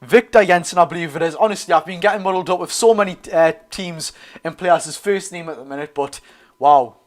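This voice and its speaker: A young Geordie man hosts a football watchalong, chatting loosely through a live match at a slightly fast pace. His voice is a bit higher than typical for a man, and he often corrects himself and calls out to the lads.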